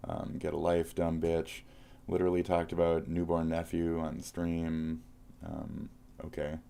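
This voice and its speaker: Man, live streamer, very low voice, crude mocking rant. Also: completely flat delivery, unhurried, vocal fry, mellow, clear, resonant tone. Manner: profane, mocking ranting. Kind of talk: live-stream reaction commentary.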